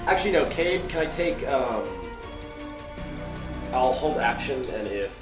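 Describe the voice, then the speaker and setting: A man's voice: medium pitch, expressive, measured pace. A man playing a tabletop role-playing game, casual and swearing, hesitating over what his character should do. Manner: casual, swears, hesitant when choosing actions. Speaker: player. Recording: echoey room with music behind.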